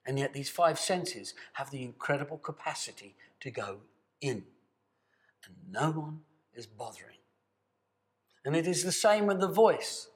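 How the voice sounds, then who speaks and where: A man teaching a guided voice and breathing exercise, speaking to camera in a calm, coaxing way and demonstrating sustained sung tones. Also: a little high, unhurried, pauses often. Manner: calm, coaxing, addresses the viewer directly. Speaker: voice and meditation teacher.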